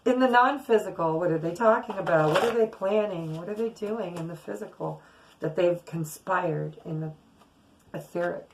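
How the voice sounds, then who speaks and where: A woman's voice: on the low side, normal speed, gravelly, slight background noise, rough recording. A middle-aged woman giving a casual, earnest tarot reading to her viewers, often repeating words for emphasis. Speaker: tarot reader.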